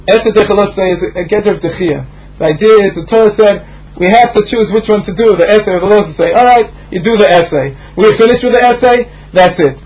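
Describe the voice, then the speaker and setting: A man's voice: high voice, dull audio. Man giving a lecture. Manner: explanatory, rhythmic lecturing with frequent fillers. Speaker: Talmud teacher. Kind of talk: Talmud lecture.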